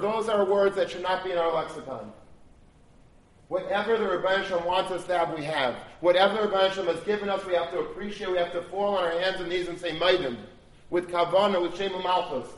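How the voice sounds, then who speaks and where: High-ish voiced guy preaching earnestly, echoey room. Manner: earnest, repetitive exhortation. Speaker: rabbi. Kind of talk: sermon. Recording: echoey room, mic at a distance.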